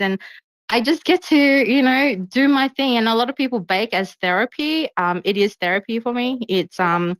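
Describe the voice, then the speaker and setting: A woman who bakes for a living, chatting casually in an online audio room, bubbly and quick to laugh. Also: fairly high pitch, a bit bright, no echo, poor audio. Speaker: guest baker.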